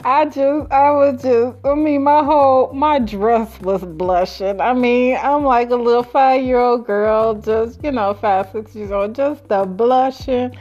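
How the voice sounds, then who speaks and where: A woman casually telling a personal story in her own series, chatty and colloquial, breaking into high giggles. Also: steady tone, unhurried, few pauses, darkish tone, lo-fi sound. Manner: laughs often, with high giggles while telling stories; chatty and colloquial, with many fillers.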